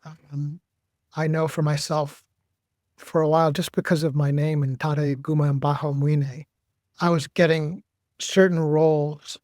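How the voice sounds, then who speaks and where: A man, an actor and director, telling stories in a measured, reflective way as a podcast guest. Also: a little high, little pitch movement, a little mellow, no echo, studio quality. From United States. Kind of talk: podcast interview.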